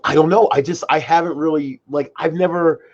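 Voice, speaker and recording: A young man in his twenties chats casually as co-host, rambling excitedly through personal stories. His voice sits a little high. The audio is muffled and lo-fi. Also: a little fast. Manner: excitable storyteller, many fillers like "like" and "freaking". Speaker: podcast co-host. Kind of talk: casual chat.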